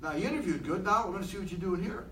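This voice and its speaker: High-voiced man giving an animated pep talk. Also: very fast, reverberant, distant mic, slight background noise, rough recording. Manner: animated, asks the room many questions. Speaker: motivational speaker. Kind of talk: motivational talk to a room. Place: room with a group of people.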